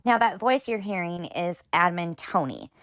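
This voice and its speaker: A woman's voice: on the low side, expressive, normal speed, a bit bright. A woman hosting a commentary video, talking through clips with pointed, sarcastic questions. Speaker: commentary host. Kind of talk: drama commentary.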